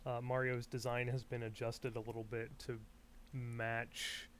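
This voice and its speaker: A man's voice: mid-range voice, flat delivery, unhurried, a bit bright, a little hiss or hum. Wry male podcast co-host. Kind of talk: casual chat.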